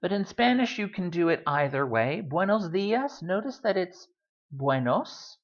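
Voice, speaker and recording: A woman teaching a beginner Spanish lesson in a relaxed, chatty way, with frequent "um"s. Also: on the low side, moderate pace. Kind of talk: recorded language lesson. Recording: dull lo-fi recording.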